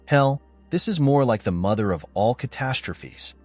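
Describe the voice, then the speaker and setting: A man's voice: mid-range voice, animated, moderate pace, darkish tone, no echo, soft background music. A man narrating a first-person story, voicing the betrayed husband in a blunt, angry, sarcastic manner.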